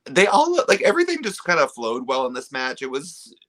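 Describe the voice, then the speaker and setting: A podcast co-host with a bright, lively voice that rises and falls a lot. The delivery is casual and wry, with dry little quips dropped into the recap. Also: mid-range voice, brisk. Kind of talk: casual chat recapping wrestling.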